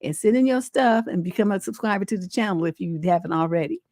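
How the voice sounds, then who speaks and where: A woman's voice: mid-range voice, expressive, quick pace, no room sound, studio quality. Laughing woman hosting a live stream. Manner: laughs often, reacts loudly, quotes people in playful voices. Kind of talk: casual live stream chat.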